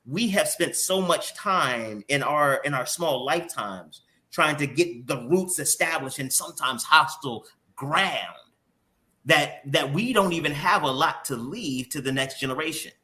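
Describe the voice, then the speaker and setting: A man's voice: fairly high pitch, lively intonation, unhurried, pushed and bright. A man hosting a morning show interview who talks candidly and openly emotionally, with some casual swearing.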